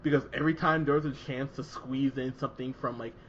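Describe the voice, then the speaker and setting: A man hosting a casual movie review chat, animated and sarcastic, mocking the film as he talks. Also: medium pitch, quick pace, highs cut off, a little hiss or hum. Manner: animated, sarcastic, mocks lines in put-on voices. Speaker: podcast host.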